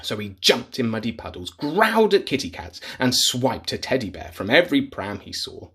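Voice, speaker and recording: A man reading a picture book aloud to children in a playful, animated way, sometimes dropping to a whisper. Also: medium pitch, moderate pace, slightly rough. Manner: animated, playful, drops to whispers for gross bits. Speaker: children's storyteller. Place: office.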